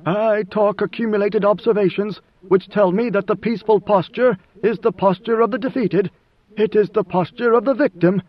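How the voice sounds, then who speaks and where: A man voicing a vast, ancient god-emperor who is part sandworm, speaking slowly and solemnly in an audiobook. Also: high voice, steady tone, pitched above the performer's own voice. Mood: lecturing. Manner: slow, solemn, measured. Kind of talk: audiobook character voice. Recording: dull lo-fi recording.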